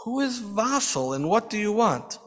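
A man's voice: sits high, big pitch swings, normal speed, fairly bright tone, pitched above the performer's own voice, full character voice. A man voicing a poor, sick old widow who complains plaintively, in a reverberant hall.

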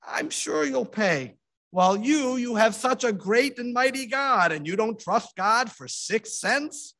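A man's voice: very high voice, animated, a little slow, bright, forceful tone, voice pushed up, exaggerated voice. A man voicing a rabbi disguised as a peasant, speaking in a coaxing, rustic manner.

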